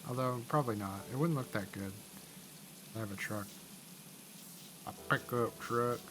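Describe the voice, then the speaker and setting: A man's voice: mid-range voice, moderate pace, background noise. A young man hosting a gaming channel, rambling casually and cheerfully as he plays. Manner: rambling, chatty, easily amused. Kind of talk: casual let's-play commentary. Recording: game music playing underneath. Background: background game music.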